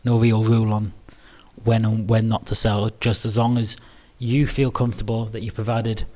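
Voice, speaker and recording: Hosting a live webinar Q&A, a British presenter speaks in a lowish, flat voice. He's halting and self-effacing, peppering his talk with ums and frequent restarts.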